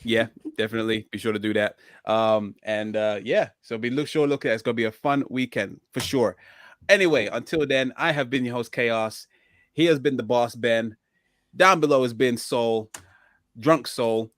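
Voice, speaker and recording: Male podcast host, relaxed and chatty, slightly sore throat, dead-dry mic. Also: medium pitch, normal speed, no echo. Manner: laid-back, chatty, laughs easily. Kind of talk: casual chat.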